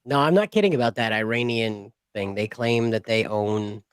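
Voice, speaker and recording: A man's voice: lowish voice, moderate pace, clean tone, no room sound, clean studio sound. A man hosting a drawing stream, bantering casually and laughing often. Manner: joking, laughs often, irreverent. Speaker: stream host.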